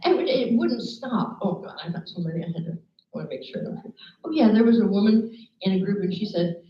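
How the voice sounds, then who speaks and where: A woman giving a motivational talk to an audience, telling lively stories and acting out the people in them. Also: medium pitch, fast talker. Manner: lively storyteller, acts out quoted people. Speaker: motivational speaker. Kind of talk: live talk to an audience with slides. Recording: echoey room, dull lo-fi sound.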